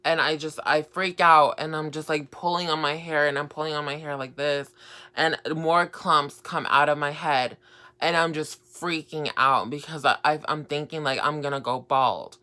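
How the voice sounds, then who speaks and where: A woman's voice: low-pitched, steady tone, moderate pace, sharp tone. A young woman telling a personal story in a casual vlog, rambling with many fillers and restarts. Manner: rambling, lots of fillers and repeats. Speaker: vlogger.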